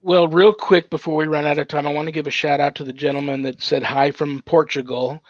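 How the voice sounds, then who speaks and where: A man hosting a paranormal talk show, interviewing a guest in an easygoing, halting way and greeting viewers. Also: on the high side, level tone, dry recording. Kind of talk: casual live interview. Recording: dull dry lo-fi sound.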